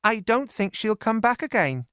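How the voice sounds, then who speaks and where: A soft-spoken young farm girl with a high, sorrowful voice, as a man puts her on. The sound is dry and close up. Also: big pitch swings, normal speed, clear, resonant tone, no room sound. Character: young farm girl bringing sad news.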